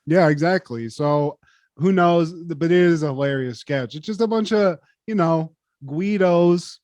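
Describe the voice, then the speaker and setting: A man's voice: on the high side, measured pace, darkish tone, no echo, dull audio. A man co-hosting a podcast, retelling comedy sketches in casual chat, laughing and swearing often. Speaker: podcast co-host.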